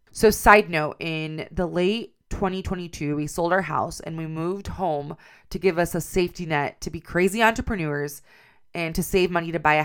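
A woman's voice: deep voice, vocal fry, fairly bright tone, smooth. A woman telling a personal story in an earnest, confiding way.

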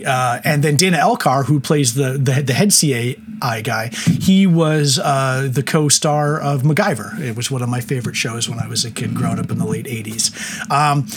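A man's voice: mid-range voice, moderate pace. A man in his forties co-hosting a casual movie podcast, chatty and wry, laughing often as he talks. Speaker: podcast co-host. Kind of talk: casual film discussion.

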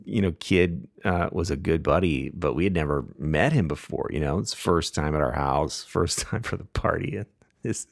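A middle-aged man hosting a podcast, telling a family story casually with frequent laughs and lively voices for the people he quotes. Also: extremely low pitch, moderate pace, gravelly, dry recording, clean studio sound. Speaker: podcast host.

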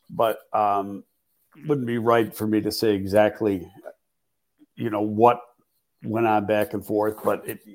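A man with a gravelly, creaky voice talks football as a podcast co-host. He speaks in a measured way, pausing and restarting often. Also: on the low side, darkish tone. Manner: measured, hesitant, many restarts. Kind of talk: casual football talk.

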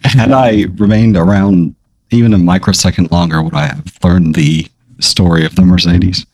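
A man with a very deep, gravelly and slightly husky voice, improvising in a comedic role-play. He talks hesitantly and deadpan, filling gaps with ums and uhs, in a dry close recording. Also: normal speed, no room sound. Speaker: player.

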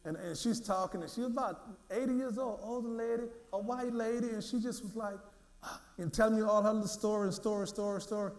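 Male minister, high voice, lively storytelling sermon with lots of repetition. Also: brisk, echoey room. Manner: lively storytelling, repeats words, acts out quotes. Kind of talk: sermon with personal testimony.

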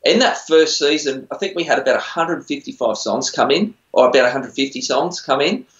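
An Aussie guy, a musician on a TV singing show, rambles through a story in a chatty, self-deprecating manner, as in casual interview storytelling. His mid-range voice is brisk and a bit bright. The audio is muffled and lo-fi, with an echoey room sound.

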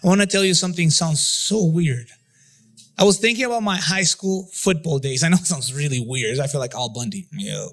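A man's voice: fairly high pitch, animated, fairly quick, fairly bright tone. A male pastor leading a church prayer and sermon, impassioned, repeating phrases and half-singing some lines. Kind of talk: sermon and altar-call prayer. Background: instrumental music.

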